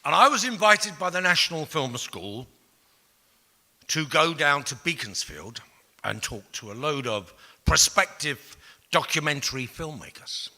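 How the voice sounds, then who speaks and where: A man, telling blunt, profane stories to an audience, jumping from loud outbursts to hushed asides. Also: on the high side, lively intonation, a little slow. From England. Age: 60s. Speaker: speaker. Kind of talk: storytelling talk to an audience. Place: large hall with an audience. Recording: long reverb of a large hall.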